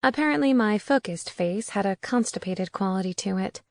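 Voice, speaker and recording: A woman's voice: medium pitch, expressive, normal speed, darkish tone, dry recording. A woman narrating a first-person audiobook in a wry, conversational way on a close studio mic.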